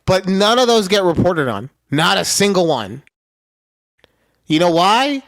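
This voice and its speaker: Animated, hyper young man, high-ish voice. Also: measured pace. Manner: animated, loud bursts and laughing rants. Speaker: podcast co-host. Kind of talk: casual comedic chat.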